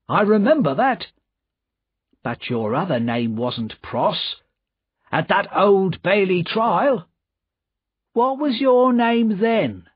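A man voicing a blunt working-class man who asks questions loudly and insistently. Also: sits high, slightly rough, no echo, voice pushed up, exaggerated voice. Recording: dull lo-fi recording.

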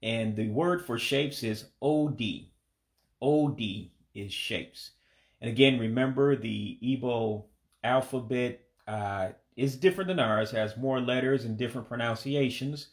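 Relaxed American man teaching vocabulary. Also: medium pitch. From United States. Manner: relaxed, hesitant, many fillers, repeats words slowly for practice. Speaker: language learner teaching vocabulary. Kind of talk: casual spoken lesson.

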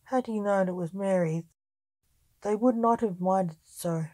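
A woman storyteller narrating her own tale in a calm, even reading voice. She reads slowly with a dark, mellow tone, and the recording is close and dry. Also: medium pitch, no room sound.

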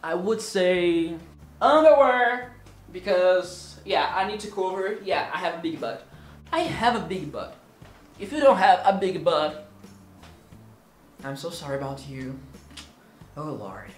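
In a reverberant space, a high-voiced vlogger in his twenties speaks with a Brazilian Portuguese accent, Portuguese being his first language. He's animated, keeping a measured pace broken by long pauses, while joking and teasing theatrically through a relaxed Q&A vlog.

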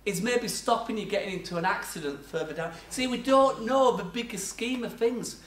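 An older man preaches in a church hall at a normal speed, his voice high-pitched with a fairly bright tone. Between self-mocking laughs he tells chatty stories about his life, and the distant recording carries an echoey church sound.

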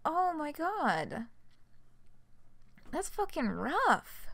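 A woman streams a game and reacts loudly, swearing and laughing as she goes. Her voice sits on the higher side and swings widely in pitch. The tone is bright and sharp. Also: moderate pace, gravelly. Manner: excitable, swearing, laughs often. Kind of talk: gameplay commentary.

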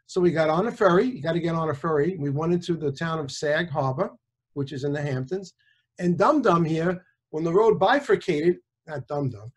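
A man in his sixties, a chiropractor and author, telling personal anecdotes in a casual, animated way. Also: on the high side, normal speed. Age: 60s. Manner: animated, conversational, with small restarts.

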